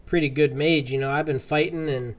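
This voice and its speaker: A man's voice: fairly high pitch, fairly even intonation, fairly quick. Chatty young man joking through a game. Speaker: gaming video host. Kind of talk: casual gameplay commentary.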